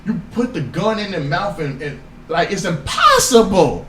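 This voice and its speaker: A man co-hosting a casual podcast chat, talking in an animated, insistent way and swearing freely. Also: on the high side, normal speed, background noise. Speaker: podcast co-host. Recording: echoey room with faint ambience.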